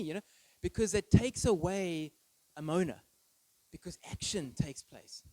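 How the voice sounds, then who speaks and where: A pastor preaching an earnest, emphatic sermon full of rhetorical questions. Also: male voice, sits high, expressive, a little fast, darkish tone, no echo, rough recording. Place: church.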